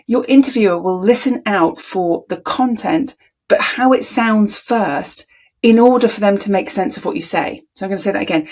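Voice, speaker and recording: A woman communication coach speaking to camera, deliberate and emphatic, sometimes demonstrating tones of voice aloud. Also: medium pitch, a little mellow, husky. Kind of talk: talking-head coaching video.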